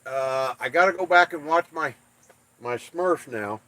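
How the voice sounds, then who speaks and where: Casual livestream host, a man from the States, unhurried and playful, dry close sound. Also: a little high, pushed and bright, no room sound. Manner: slow, drawn-out, playful trash talk. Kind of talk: casual livestream chat reading comments.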